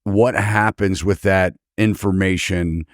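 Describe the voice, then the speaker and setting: A low-voiced man hosts the conversation, drifting through his questions with "you know" and "um." He sounds relaxed and curious. The recording is dry and close. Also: slow, no room sound. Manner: asks rambling questions with fillers. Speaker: real estate broker host. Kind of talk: casual interview.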